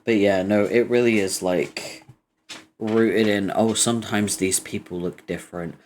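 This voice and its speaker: A man's voice: a little slow, slight background noise. A young man chatting casually on his stream, swearing freely and breaking into frequent laughter while telling stories. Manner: animated storytelling, laughter rising high in pitch.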